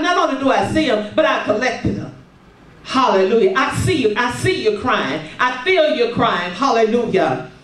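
A woman preaching a sermon, calling for responses and filling her pauses with hallelujahs and amens. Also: sits high. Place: church sanctuary. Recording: roomy, distant sound from across a sanctuary.

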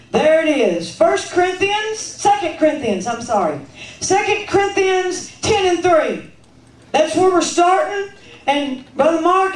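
A woman with a Kentucky accent preaching a sermon in a church, emphatic and playful, often questioning and teasing the congregation. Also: extremely high pitch. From Kentucky, USA. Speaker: guest preacher. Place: church sanctuary. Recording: roomy church sound from a distance.

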